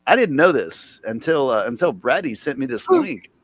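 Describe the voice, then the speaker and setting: A man chatting casually on a live stream, animated and swearing as he talks to his chat and a friend. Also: a little high, normal speed, creaky, dry recording. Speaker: livestreamer.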